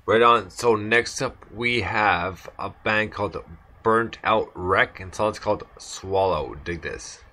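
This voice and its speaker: Laid-back male radio host, low-ish bright voice, casual slang. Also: slow pace. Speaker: radio show host introducing tracks.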